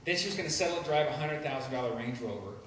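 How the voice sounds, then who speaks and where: A man's voice: medium pitch, animated, very fast, distant mic. A man doing a stand-up comedy set, rambling and self-deprecating, often stumbling and restarting his sentences. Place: live comedy venue. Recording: echoey live room mic, noisy.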